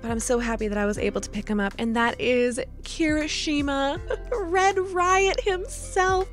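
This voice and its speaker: High-ish girly voice gushing n giggling, lots of likes, lofi music quiet underneath. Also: moderate pace. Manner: gushing, giggly, filler-heavy. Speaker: vlogger. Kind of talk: casual unboxing chat. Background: soft lo-fi music.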